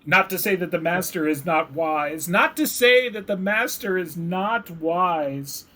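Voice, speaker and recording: A man voicing small devoted kobold creatures that talk in high, broken, eager phrases. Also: animated, measured pace, bright, forceful tone, heavily acted. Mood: eager pleading. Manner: high squeaky voice, broken grammar.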